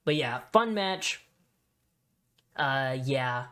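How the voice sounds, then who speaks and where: A young man giving casual, excitable tier-list commentary, swearing freely and saying dude a lot. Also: medium pitch, extremely slow, clear, resonant tone. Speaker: wrestling video host.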